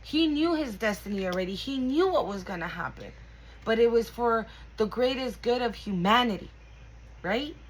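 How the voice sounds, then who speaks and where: A woman's voice: on the high side, animated, moderate pace, breathy edge, rough recording. A woman giving an intuitive tarot reading to her viewers, emotional and close to tears, drawing out her words for emphasis and breathing hard. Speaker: tarot reader.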